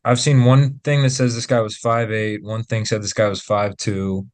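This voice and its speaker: Low-voiced man with wry asides. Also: flat delivery, normal speed, darkish tone, no echo. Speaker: co-host. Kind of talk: casual comedy podcast chat.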